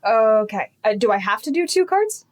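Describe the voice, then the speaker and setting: Giggly woman player, higher voice. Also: sing-song, moderate pace. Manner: giggly, hesitant. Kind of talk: casual tabletop role-play.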